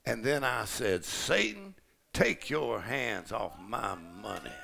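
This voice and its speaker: A middle-aged man preaching a sermon in a large church, building from easy storytelling to shouted declarations. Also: on the low side, animated, takes it slowly, heavy background noise. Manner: rising to shouted declarations with a gravelly voice.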